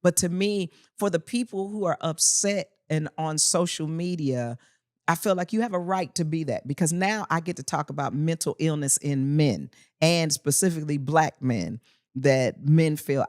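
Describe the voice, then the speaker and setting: Animated woman comedian telling stories. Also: deep voice, moderate pace, no echo, clean studio sound. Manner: animated, punchy storyteller with earthy humor. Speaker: guest comedian. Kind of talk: casual podcast chat, storytelling.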